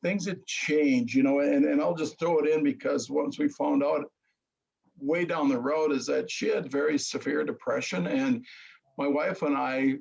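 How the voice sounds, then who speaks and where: A middle-aged man telling his story earnestly in casual chat, halting and restarting. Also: a little high, fairly even intonation, gravelly, darkish tone, breathy edge, highs cut off. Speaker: guest.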